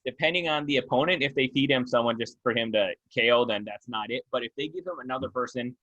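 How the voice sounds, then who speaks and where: Bright, joking man co-host. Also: mid-range voice, fast, highs cut off. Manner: joking, playful, laughs at his own jokes. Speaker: podcast co-host. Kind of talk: casual chat about MMA.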